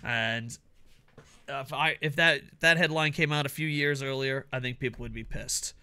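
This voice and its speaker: A man co-hosting a wrestling podcast in casual chat, animated and jokey, laughing often. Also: medium pitch, normal speed, clear, resonant tone. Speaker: podcast co-host.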